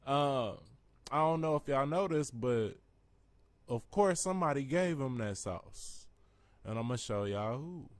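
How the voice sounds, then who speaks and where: Slow-talking, slangy man. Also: medium pitch, expressive, no echo. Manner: slangy, mocking, swears freely. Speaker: commentary vlogger. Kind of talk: casual profane commentary.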